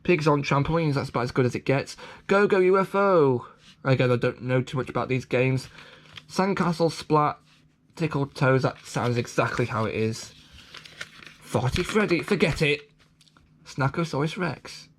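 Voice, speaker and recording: A man's voice: mid-range voice, normal speed. A man rambling through a toy catalogue in casual commentary, stumbling over restarts and throwing in self-deprecating asides. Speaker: vlogger reviewing a toy catalogue.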